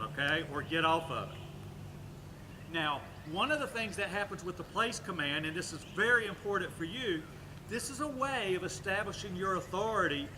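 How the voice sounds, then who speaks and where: Dog trainer guy, higher voice, calm explaining w/ firm short commands. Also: noisy background.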